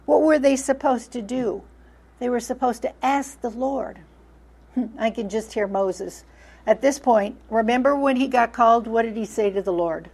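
A woman's voice: on the high side, unhurried, darkish tone. Woman teaching a Bible lesson. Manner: poses rhetorical questions and answers them.

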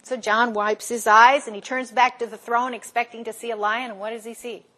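Woman leading bible study, kinda high voice, throws questions out and answers them. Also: flat delivery, a little fast, bright, forceful tone. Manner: asks the class questions and answers them herself. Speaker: Bible teacher.

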